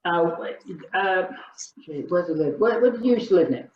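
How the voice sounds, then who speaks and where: A man's voice: sits high, expressive, moderate pace, roomy sound, dull audio, a little hiss or hum. Chatty older male fitness instructor. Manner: chatty, jokey, counts down reps. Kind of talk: leading an exercise class with casual chat.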